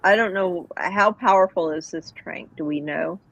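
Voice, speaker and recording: A woman's voice: fairly low pitch, normal speed, a bit bright, highs cut off. A woman running a tabletop game as game master, narrating hesitantly and thinking aloud.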